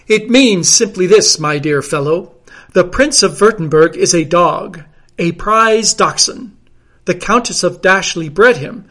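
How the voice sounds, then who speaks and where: A man's voice: sits high, sharp tone, heavily acted. A reader voicing a pompous, self-assured great detective who declares his reasoning in a grandiose, declamatory way.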